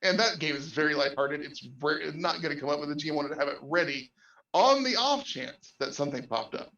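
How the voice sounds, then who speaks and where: Gravelly man with distant, echoey sound. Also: a little high, animated, brisk, bright, forceful tone, dull audio. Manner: rambling, restarts often, laughs between points. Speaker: guest game master. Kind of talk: casual podcast chat.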